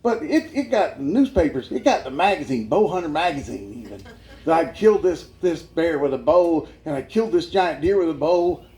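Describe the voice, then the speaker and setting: A man giving a humorous life-story testimony as a guest speaker, animated and often laughing as he tells it. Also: fairly high pitch, normal speed.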